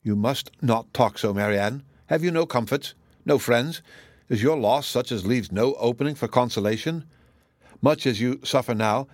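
A man voicing a composed young woman in an audiobook, earnest and gently urging her sister, close to his own voice. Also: medium pitch, no echo, natural voice. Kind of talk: audiobook character voice.

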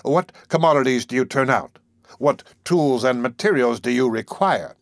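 A man's voice: mid-range voice, moderate pace, no room sound, lightly acted. A man reading aloud and voicing a domineering, suavely mocking sea captain.

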